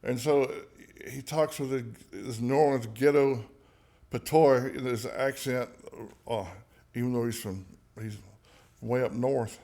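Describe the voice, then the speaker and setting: A man's voice: mid-range voice, fairly even intonation, measured pace, vocal fry, dark tone. A man, a songwriter guest on a podcast, telling personal stories in a frank, profane, joking way with many restarts. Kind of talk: candid conversational storytelling.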